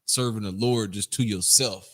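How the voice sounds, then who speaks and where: A male student politely adding comments in class, halting and restarting his phrases. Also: fairly low pitch.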